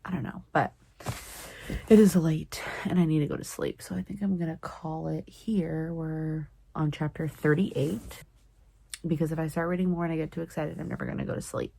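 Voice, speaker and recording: Low gravelly woman reacting to a book. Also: steady tone, normal speed, mellow, slight background noise. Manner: emotional, exclamatory reactions, often dropping into a whisper; retells plot loosely with many fillers. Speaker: book vlogger. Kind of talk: casual reading-vlog commentary.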